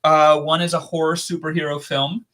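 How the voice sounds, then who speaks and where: A man's voice: on the high side, flat delivery, normal speed, bright, forceful tone. A man co-hosting a casual live stream, joking and teasing his co-host.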